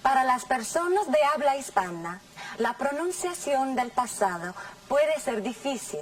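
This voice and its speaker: A woman teaching English in a scripted classroom lesson, saying model sentences slowly and carefully. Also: high-pitched, very animated, recorded from a distance, low-quality recording. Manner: slow, careful, over-articulated model sentences.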